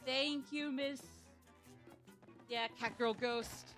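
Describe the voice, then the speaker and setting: A woman's voice: sits high, steady tone, extremely slow, fairly bright tone, faint music behind. A woman streamer chatting casually while playing a game, chatty and self-deprecating. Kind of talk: casual gaming stream chat.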